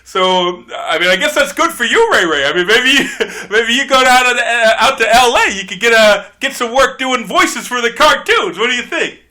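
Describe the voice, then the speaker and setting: A man's voice: very high voice, lively intonation, moderate pace, hardly any pauses, sharp tone. Sex: man. Role: podcast guest host. Style: casual comedic chat. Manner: rambling, brash, laughing.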